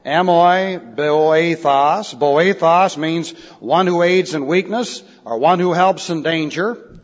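A man with a high voice delivers an expository Bible sermon at an unhurried, measured pace, spelling out terms one letter at a time. The sound is dull and lo-fi, carrying a long reverb from a large hall. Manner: deliberate, spells out Greek words letter by letter. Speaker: pastor.

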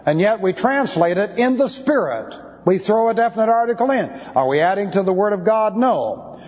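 A pastor teaching a sermon, methodically explaining Greek grammar in a precise, measured way. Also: male voice, sits high, animated, darkish tone. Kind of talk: expository Bible teaching sermon. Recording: dull, lo-fi recording with long hall reverb.

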